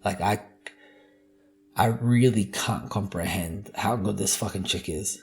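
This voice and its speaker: Young guy ranting and cussing on his podcast, kinda gravelly. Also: fairly low pitch, unhurried, darkish tone. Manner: profane, joking, ranting. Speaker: podcast host. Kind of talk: casual solo podcast monologue.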